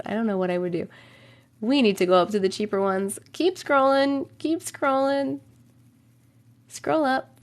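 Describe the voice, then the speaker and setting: A woman live-streaming from home, chatting with viewers and reading their stories aloud, swearing casually and laughing as she reacts. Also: on the high side. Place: home room, alone.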